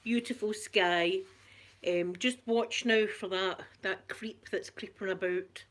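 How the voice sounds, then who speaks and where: A woman's voice: medium pitch, steady tone, slow pace, fairly bright tone, slight background noise. A Scottish woman chatting casually on a live stream, greeting viewers by name and telling a story with giggles. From Scotland. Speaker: vlogger.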